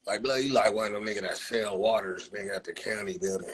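A man from Los Angeles hosting a livestream, trash-talking and roasting a viewer loudly. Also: fairly low pitch, fast, slightly rough. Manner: loud, profane, taunting. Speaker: livestream host. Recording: noisy phone livestream.

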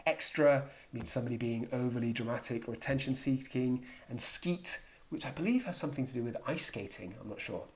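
An English man hosting a jokey explainer vlog as a psychiatrist. He is playful and self-mocking and slips in dad jokes. His pitch sits in the middle range for a man. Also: fairly quick. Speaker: psychiatrist and video host.

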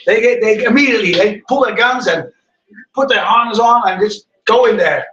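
A man's voice: high-pitched, moderate pace, a bit bright, muffled recording. A middle-aged man, hosting a casual live cooking stream and chatting to viewers in a rambling way. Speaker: cooking show host. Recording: echoey room, mic far off.

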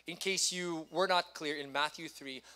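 A man's voice: fairly high pitch, steady tone, normal speed, pushed and bright. A middle-aged man preaching a sermon, chatting with the congregation and reading scripture. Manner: conversational, interacts with the congregation. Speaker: pastor. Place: church hall.

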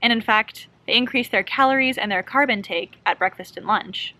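A woman researcher casually explaining a scientific study, talking quickly and enthusiastically while lying in a hammock outdoors. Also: on the high side, low-quality recording. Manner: fast talker, animated and enthusiastic.

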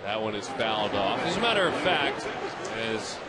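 A man calling a baseball game play by play, talkative and teasing, with playful asides between pitches. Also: sing-song, moderate pace, heavy background noise. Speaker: play-by-play announcer. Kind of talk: live baseball commentary.

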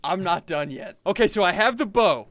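A young man giving excited gameplay commentary, laughing often and repeating himself. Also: sits high, normal speed, dry recording. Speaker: gaming YouTuber.

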